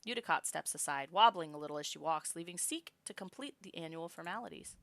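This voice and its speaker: A woman streamer narrates a story game and banters with her chat. Her voice is bright and animated, with wide swings in pitch. The recording is close and dry. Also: fast talker, no room sound. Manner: reads game text aloud, chats and laughs with viewers.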